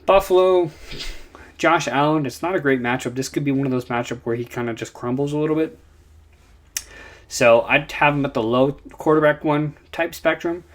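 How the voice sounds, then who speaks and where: A young man casually giving fantasy football picks, running through players with lots of ums and uhs. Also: on the high side. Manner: rapid list of player picks with many fillers. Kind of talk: casual commentary.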